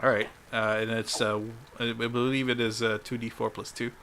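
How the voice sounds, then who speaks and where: A man's voice: mid-range voice, level tone, a little fast, very noisy. A man running a tabletop game as game master, easygoing and often laughing.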